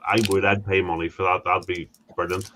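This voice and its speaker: A man's voice: low-pitched, little pitch movement, a little fast, pushed and bright, slight background noise, low-quality recording. A man in casual livestream chat, rambling with crude jokes. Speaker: livestream guest.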